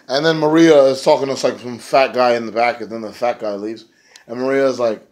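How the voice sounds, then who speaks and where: A man's voice: mid-range voice, steady tone, fairly quick, a little mellow. A man casually recapping a wrestling show, rambling and profane with lots of "like".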